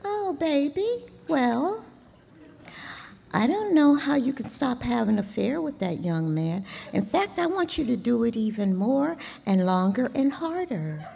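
Woman doing a soft, sweet older sponsor. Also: high voice, very animated, measured pace, creaky, husky, pitched above the performer's own voice, full character voice. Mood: coaxing. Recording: echoey hall, faint ambient noise.

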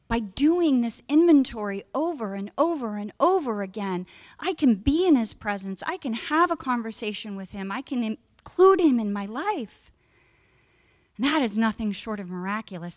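A middle-aged woman giving a candid personal testimony at a recovery meeting, emphatic and frank. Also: fairly high pitch. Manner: candid, emphatic, acts out her past self in raised voice.

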